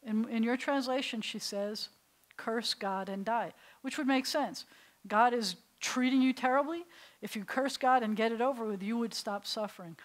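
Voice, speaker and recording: A middle-aged woman rabbi teaches a beginners' Hebrew class to adults in a synagogue classroom, telling stories and asking the class questions. Her voice is a little high, her pace moderate, and the recording is rough.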